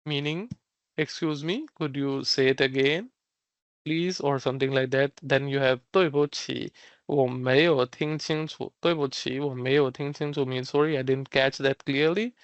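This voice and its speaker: A man teaching an online Mandarin class, slowly repeating phrases and explaining them with fillers like "uh" and "like". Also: medium pitch, fairly even intonation, clear, resonant tone, dry recording. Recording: dull, dry lo-fi sound.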